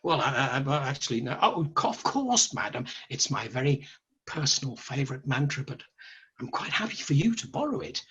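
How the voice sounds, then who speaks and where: A man's voice: mid-range voice, very animated, moderate pace, a bit bright, slightly rough, lo-fi sound, exaggerated voice. Man doing a smug, scheming crow. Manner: persuasive, smug, lecturing. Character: smooth-talking, scheming male crow.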